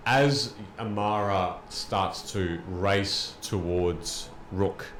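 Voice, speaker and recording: A man running a tabletop game as game master, narrating calmly and slowly. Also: sits low. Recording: echoey room with faint noise.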